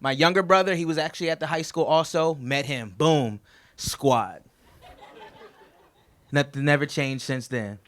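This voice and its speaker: A man's voice: a little high, unhurried, pauses often, a bit bright. Joking best man giving a toast. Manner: chatty, joking storyteller. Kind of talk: wedding toast speech. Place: wedding reception.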